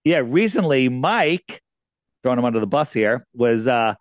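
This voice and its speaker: A man's voice: mid-range voice, lively intonation, normal speed, no room sound, clean studio sound. A man being interviewed as a guest, telling casual, rambling anecdotes with lots of restarts.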